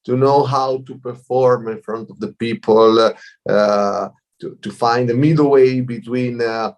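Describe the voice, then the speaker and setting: A middle-aged man with an Italian accent, a DJ guest on a video call, speaking in halting English and often repeating words. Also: medium pitch, fairly even intonation. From Italy. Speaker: DJ and producer guest. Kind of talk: casual interview. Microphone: computer mic over a video call.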